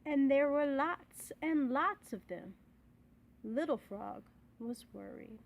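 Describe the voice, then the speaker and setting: A woman reading children's bedtime stories aloud in a clear, expressive way. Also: high-pitched, slow. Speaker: storyteller.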